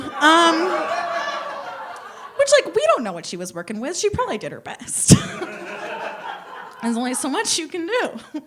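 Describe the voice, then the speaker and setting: A young woman performing a stand-up comedy set on a theater stage, animated and laughing at her own jokes. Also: sits high, slow pace, long pauses, a crowd in the background.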